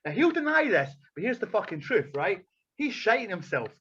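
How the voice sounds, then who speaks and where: A wrestler who is a podcast regular tells backstage stories in casual, profane chat, animatedly acting out the people he quotes. His voice is high-pitched and slightly fast, on a lo-fi recording with a faint hiss or hum.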